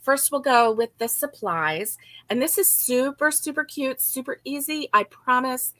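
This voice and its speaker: A woman's voice: high-pitched, unhurried, sharp tone, dry recording. A woman co-hosting a casual crochet-along, chatty and giggly as she greets viewers by name. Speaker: crochet co-host.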